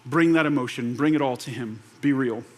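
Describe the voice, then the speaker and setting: A young man preaching a conversational sermon, animated and relaxed, slipping into quoted voices and laughing now and then. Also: medium pitch, brisk. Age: young adult. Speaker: pastor.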